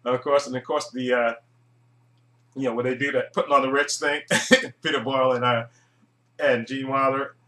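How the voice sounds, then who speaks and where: A man giving a casual, rambling movie review monologue, chuckling often and filling pauses with "uh". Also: mid-range voice, fairly even intonation, sharp tone. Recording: echoey room.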